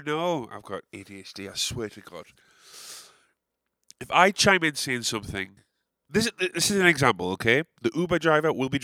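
A young Englishman with an English accent tells a story in a loose, rambling way, full of swearing and dry sarcastic asides. His voice sits at a middling pitch for a man. The recording is close and dry, with almost no room sound. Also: animated, moderate pace, sharp tone, no echo. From England. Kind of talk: casual anecdote telling.

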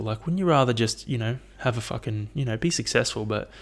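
Aussie guy rambling on his podcast, swears a lot, gravelly voice. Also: mid-range voice, brisk. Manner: rambling, sweary, frequent fillers. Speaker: podcast host. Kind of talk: casual solo podcast monologue.

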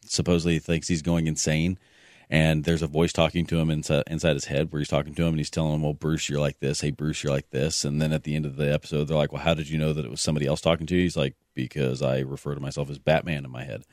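A man chatting casually about a movie, retelling scenes with animated energy. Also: extremely low pitch, racing, no room sound, studio quality. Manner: animated storyteller, acts out scenes. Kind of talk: casual movie discussion podcast.

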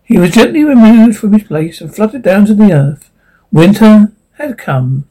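Husky, lilting storybook reader. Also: medium pitch, animated, normal speed, warm tone, low-quality recording. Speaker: audiobook narrator. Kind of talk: storybook narration.

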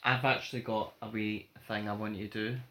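A man's voice: fairly low pitch, little pitch movement, a little fast, sharp tone. A Scottish man co-hosting a casual podcast, teasing and telling stories with lots of laughter. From northern Britain. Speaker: podcast co-host. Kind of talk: casual chat, storytelling.

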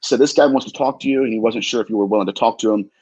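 A man, a demonologist guest, tells an earnest, emphatic story in a husky voice and often repeats himself. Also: mid-range voice, rapid-fire, darkish tone, dry recording, muffled recording. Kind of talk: animated storytelling.

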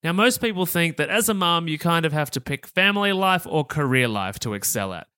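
A man's voice: on the high side, expressive, fairly quick, sharp tone, clear, resonant tone, no room sound, studio quality. A man hosting a health podcast interview in an upbeat, chatty way, laughing easily. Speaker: podcast host.

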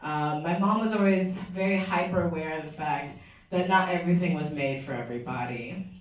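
A woman's voice: deep voice, a little fast. A woman telling a wry personal story to a live audience, laughing between lines. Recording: roomy, from far off, faint noise.

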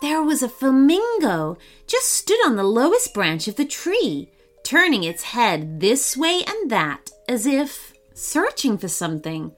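Slow, lively woman reading a story. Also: high voice, soft background music. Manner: warm, animated and expressive. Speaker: children's storyteller. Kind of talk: storybook read-aloud for children.

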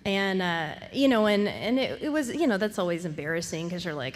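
A woman's voice: on the low side, animated, a little fast, big-room sound. A woman sharing her recovery story in a candid, self-deprecating way, laughing often and acting out what others said. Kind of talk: storytelling talk.

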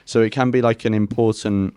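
A man from the UK joins a casual podcast debate as a guest. His voice sits fairly low and sounds dry and close. He talks in a measured, hedging way with many fillers. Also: steady tone, mellow, clean tone, dry recording.

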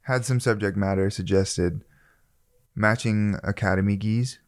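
A man co-hosts a casual podcast in a relaxed, joking way. His voice sits somewhat low, and he laughs often as he talks. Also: a little slow. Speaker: podcast co-host.

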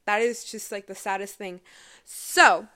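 A woman in her twenties hosts a personal podcast, delivering a casual monologue in a chatty, emotional way full of fillers. Her mid-range voice is steady and sharp in tone, and she doesn't hurry.

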